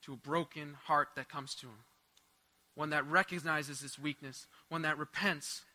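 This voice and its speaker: A young man preaching a sermon, telling a personal story in an animated way with asides and laughs. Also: high-pitched.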